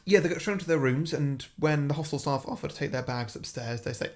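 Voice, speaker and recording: Man pitching a silly film plot. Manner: laughs often, does quick voices for characters. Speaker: podcast co-host. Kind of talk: casual chat, pitching a made-up film plot.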